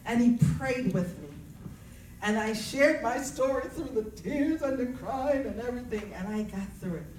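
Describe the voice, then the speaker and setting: Woman, higher voice, earnest preaching testimony with repeated phrases; recorded from a distance in a roomy space. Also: lively intonation, moderate pace, a little mellow, a little hiss or hum. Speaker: speaker sharing personal testimony. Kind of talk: faith-based testimony talk.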